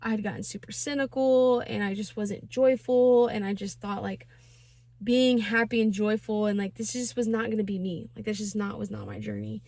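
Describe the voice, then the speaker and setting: A woman's voice: mid-range voice, steady tone, moderate pace, creaky, darkish tone, no room sound. A young woman in her twenties telling a personal story in a casual vlog, chatty and slangy with lots of fillers. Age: 20s. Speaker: vlogger.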